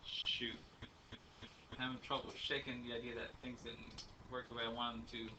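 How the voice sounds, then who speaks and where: A man's voice: medium pitch, completely flat delivery, moderate pace. A man teaching a math class, lecturing in a chatty, rambling way with many ums and uhs. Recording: faint room noise, speaker a bit far from the mic.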